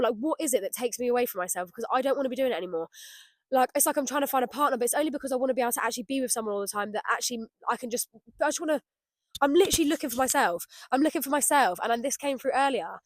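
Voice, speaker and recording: A woman hosting a podcast, talking to herself in a rambling reflection, laughing often and swinging from loud outbursts to quiet murmurs. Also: on the high side, very fast, no echo. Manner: talks to herself as "babe" and "darling". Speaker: podcast host. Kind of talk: solo spoken reflection outdoors.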